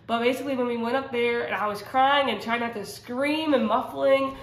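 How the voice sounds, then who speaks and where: A woman's voice: a little high, brisk. A woman sharing a personal faith testimony in casual, earnest talk, rambling with many fillers and restarts. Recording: roomy echo.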